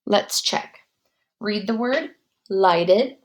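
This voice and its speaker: A woman teaching a guided spelling lesson, dictating words slowly and spelling them out letter by letter. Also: mid-range voice.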